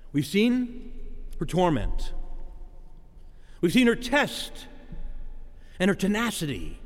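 Male preacher, dramatic sermon cadence, pitch swinging widely, lingering church-hall echo. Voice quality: dramatic preaching cadence, acting out quoted voices.

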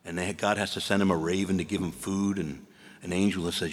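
Husky priest preaching in a reverberant church. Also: male voice, sits low, a little fast. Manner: animated storytelling, acting out the scripture figures. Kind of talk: sermon.

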